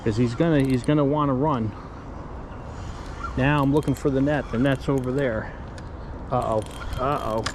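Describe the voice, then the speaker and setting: A man's voice: mid-range voice, steady tone, normal speed, long pauses, noisy background. A man filming himself fishing outdoors on a riverbank, talking viewers through landing a fish and calling them guys. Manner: addresses viewers as guys, coaching and explaining. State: out of breath. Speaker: fishing vlogger. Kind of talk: live play-by-play commentary.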